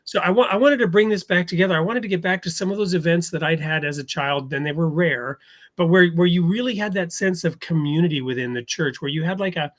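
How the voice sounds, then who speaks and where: A man hosting a conversational faith podcast, talking in a thoughtful, halting way and laughing easily. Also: fairly high pitch. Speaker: podcast host. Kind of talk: conversational interview.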